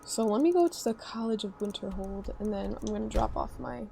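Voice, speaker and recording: A Chicago-area woman with a Chicago accent chats, giggles, and rambles with plenty of fillers while streaming a game. Her mid-range voice is animated, brisk, gravelly, and warm. The low-quality recording has soft music in the background.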